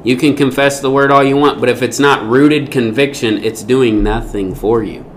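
A man's voice: mid-range voice, normal speed, slight background noise. A man teaching a Bible lesson, speaking emphatically and often asking rhetorical questions.

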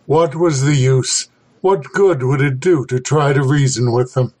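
A man reading a horror story aloud as a podcast host, in a measured, dramatic way. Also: on the high side, darkish tone. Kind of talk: scripted horror story narration.

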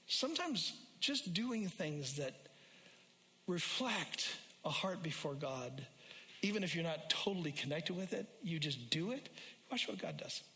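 Bright-voiced male pastor preaching in a reverberant hall. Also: animated, measured pace. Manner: rises to a loud, high delivery when quoting scripture; repeats and restarts phrases for emphasis. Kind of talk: sermon. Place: church sanctuary.

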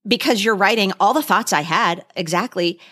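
A woman's voice: medium pitch, moderate pace, a bit bright. A woman co-hosting a podcast, chatting casually with nostalgic enthusiasm. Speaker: podcast co-host. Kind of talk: casual chat.

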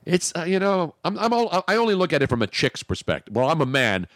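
A man hosts a radio show in a lively, swooping voice, joking and rambling as he talks. He sounds close and dry, with no room around him, and his pitch sits a little above most men's. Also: quick pace, no echo. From Philadelphia. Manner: animated, joking, rambling with restarts. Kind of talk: casual comedic radio banter.

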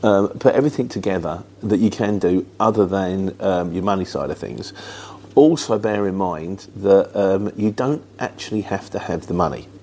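A middle-aged English man with a Luton accent and a Mockney market-trader twang talks casually to his viewers. His voice sits fairly low, and he rambles in a plain-spoken way with many fillers. A faint hum of background noise runs under the recording. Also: lively intonation, normal speed, warm tone. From England. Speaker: truck driver vlogger. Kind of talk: casual chat answering viewer questions.

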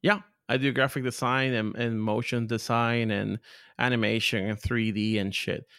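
A man with a Spanish accent whose voice jumps from low to high as he tells crude, funny stories as a podcast guest. His tone is mid-pitched and the recording is dry and close, with no room sound at all. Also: normal speed, gravelly, clear, resonant tone, no room sound. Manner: animated storyteller, big pitch jumps, profane. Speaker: podcast guest, content creator. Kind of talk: casual interview chat.

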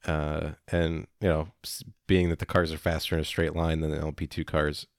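A man chatting casually as a podcast co-host, rambling and halting with many fillers. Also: extremely low pitch, level tone, no room sound, clean studio sound. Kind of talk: casual chat.

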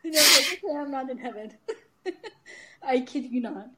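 A woman's voice: high-pitched, lively intonation, normal speed, heavy background noise. A woman guest telling a candid personal story in an interview, laughing often and acting out what others said. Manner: candid, laughs often, acts out quoted voices. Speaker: guest, author and speaker.

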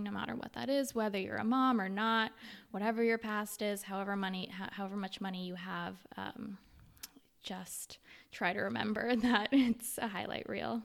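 Young woman with vocal fry, chatty. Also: mid-range voice. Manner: chatty and candid, with frequent fillers. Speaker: podcast guest, mother and blogger. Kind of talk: casual interview answers.

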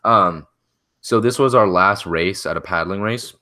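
A man's voice: low voice, a little slow, sharp tone. A young man in his late teens on a casual podcast, telling a story with many restarts and fillers. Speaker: podcast co-host. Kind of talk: casual chat.

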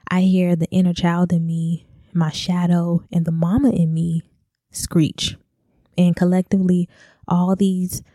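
A young adult woman, a podcast co-host, giving a raw, halting confessional monologue and swearing freely. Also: fairly low pitch, creaky, warm tone, dry recording, clean studio sound.

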